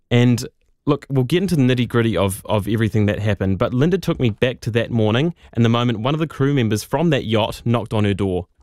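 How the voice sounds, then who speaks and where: A man's voice: on the low side, darkish tone, dry recording, clean studio sound. A man, a radio producer telling a story in a chatty, informal way. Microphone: studio microphone.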